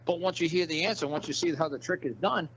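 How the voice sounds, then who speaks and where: A man's voice: fairly high pitch, quick pace, fairly bright tone. A man giving a casual interview, blunt and profane, rambling through stories and repeating his points. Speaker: interview guest. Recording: dull lo-fi audio with background hiss.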